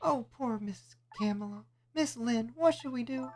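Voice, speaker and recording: A man voicing a small, excitable male dog sidekick in a game, with an eager, yelping delivery. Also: very high voice, measured pace, pitched above the performer's own voice. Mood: worried.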